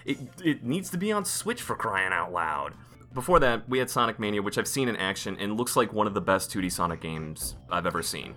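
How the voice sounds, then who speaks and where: A man co-hosting a podcast in casual chat, excitable and rambling, restarting his sentences often. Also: deep voice, fairly quick, soft background music. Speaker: podcast co-host.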